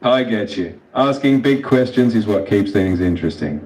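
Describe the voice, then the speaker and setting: A man's voice: lowish voice, expressive, moderate pace, darkish tone, echoey room, poor audio. An AI voice assistant speaking as a man, folksy and easygoing, calling the listener partner. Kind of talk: scripted chatbot replies.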